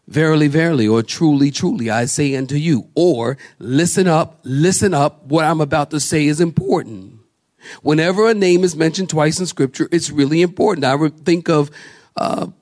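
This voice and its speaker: Preaching pastor, fairly high-pitched man. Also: darkish tone. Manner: preaching with call-and-response questions to the congregation; slows and drops low for scripture names, rises high for emphasis. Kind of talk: sermon.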